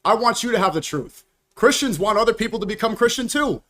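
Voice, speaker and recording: A young man speaks fast in a heated debate, his voice sitting a little high. He stays insistent and keeps steering the talk back to what he actually said. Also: lively intonation, a bit bright.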